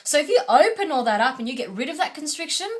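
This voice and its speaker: Woman vocal coach with a higher voice. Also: sing-song, fast talker. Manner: patient, instructive, checks in with "okay?". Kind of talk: singing lesson.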